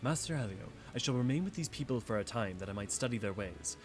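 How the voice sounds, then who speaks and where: A man voicing a reserved female ninja from a far land, speaking in courteous, archaic, measured phrases. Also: medium pitch, animated, faint music behind, close to an everyday voice.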